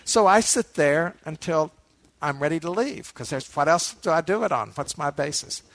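A man giving a meditation dharma talk, a relaxed storyteller who adds asides to his listeners. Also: fairly high pitch, normal speed, vocal fry, no echo. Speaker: meditation teacher.

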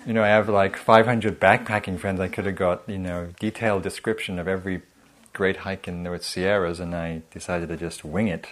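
A man's voice: low voice, steady tone, normal speed, a bit bright. A man giving a meditation teaching in a humorous, conversational, self-deprecating way. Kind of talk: dharma talk.

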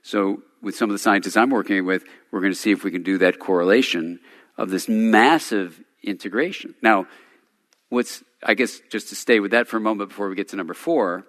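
Low-voiced man teaching in a reverberant hall. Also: fairly quick, a bit bright. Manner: informal, storytelling, chuckling asides. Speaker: retreat teacher. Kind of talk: talk at a day retreat. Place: meditation center hall.

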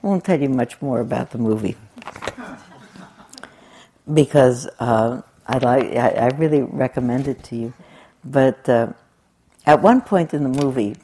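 A woman's voice: extremely low pitch, animated, measured pace, mellow. An older woman giving a conversational, reflective dharma talk as a meditation teacher. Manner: conversational and reflective, with laughing asides.

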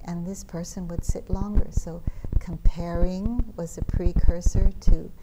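A woman meditation teacher giving a dharma talk at a retreat, speaking in a gentle, reflective way with soft laughs. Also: lowish voice, steady tone, unhurried. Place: retreat center meditation hall. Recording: loud background noise.

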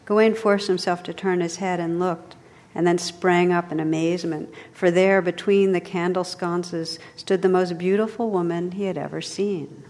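A woman meditation teacher reads a story aloud in a soft, measured way. Her voice sits a little low. A long reverb from the hall trails after each line. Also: steady tone.

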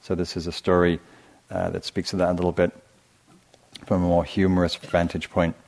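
A man giving a dharma talk as a meditation teacher at a retreat, reflective and gentle, telling stories with hesitant restarts. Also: low voice, completely flat delivery, brisk, gravelly.

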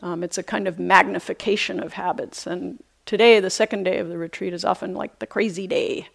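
A middle-aged woman, a meditation teacher, giving a reflective dharma talk on retreat with unhurried, soft hesitations. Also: lowish voice, steady tone, creaky. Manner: light self-amused laughter. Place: retreat center meditation hall.

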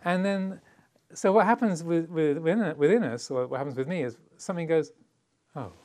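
A man's voice: on the high side, fairly quick, dark tone. Meditation teacher, middle-aged Englishman, easygoing Dharma talk, playful, voices the quotes. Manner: conversational, playful, laughs often; acts out little quoted voices.

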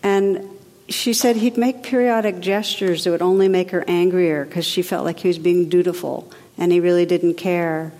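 Gentle low-voiced woman meditation teacher. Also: fairly even intonation, normal speed. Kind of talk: spiritual dharma talk. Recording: long reverb of a large hall.

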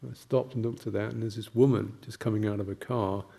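An older man, a Buddhist monk, giving a gentle, halting reflective talk with anecdotes and soft laughs. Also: lowish voice, steady tone, gravelly, slightly rough.

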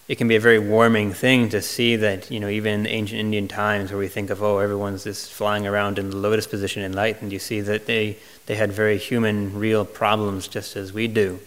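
Monk, male, low flat voice, unhurried retreat Q&A answers, reflective and hesitant. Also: clean tone. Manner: gentle, reflective, many fillers and restarts. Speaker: Buddhist monk answering questions. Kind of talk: retreat Q&A talk.

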